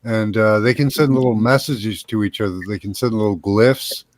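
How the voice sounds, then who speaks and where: A man's voice: fairly low pitch, moderate pace, no room sound. A man hosting a casual group chat, explaining things at length with lots of fillers and restarts.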